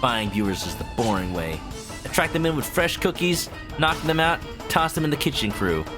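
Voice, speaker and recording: A man's voice: mid-range voice, big pitch swings, normal speed, over music. A man streaming a game playthrough, joking and riffing on what is happening on screen. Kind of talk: casual playthrough commentary.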